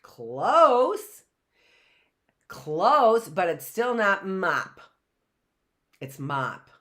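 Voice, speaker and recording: Slow, lively woman teaching phonics. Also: mid-range voice. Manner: asks the class and answers herself, sounding out letters; drawn-out, repeated sounds and frequent "right?". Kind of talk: live phonics lesson.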